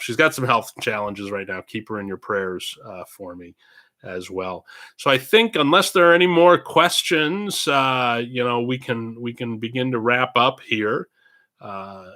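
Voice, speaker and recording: A parish priest hosts a casual livestream Q&A from his own room at home, using a computer streaming setup. His fairly low voice sounds pushed and bright, and he chats in a meandering way, drifting between topics.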